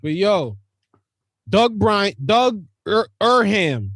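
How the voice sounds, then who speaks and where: A man's voice: high voice, expressive, moderate pace, a little mellow, dry recording, studio quality. A man hosting a podcast in loose, profane, laughing banter full of slang. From Jamaican family. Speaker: podcast host. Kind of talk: casual chat.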